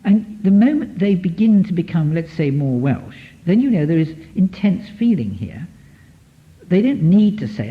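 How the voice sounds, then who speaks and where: A man's voice: high-pitched, normal speed. A man lecturing to an audience as a psychotherapist, digressive and full of restarts. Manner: lively, digressive, many restarts, taps out rhythms. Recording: dull lo-fi archive tape.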